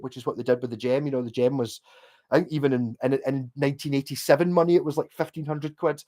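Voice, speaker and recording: A Scottish man hosting a livestream, chatting casually and answering viewer comments in a rambling, sweary way full of restarts. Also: mid-range voice. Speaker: livestream host.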